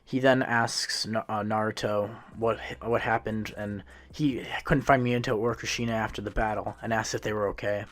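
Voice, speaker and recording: A man's voice: fairly low pitch, steady tone, normal speed. A man casually narrating a fan-made story, retelling it loosely with frequent restarts and self-corrections.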